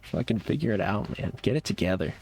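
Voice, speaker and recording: A man's voice: fairly low pitch, lively intonation, fast, vocal fry, darkish tone, breathy edge, soft background music. A young man streaming a game live, chatting casually with a sarcastic, laid-back manner and frequent laughs while reacting to chat.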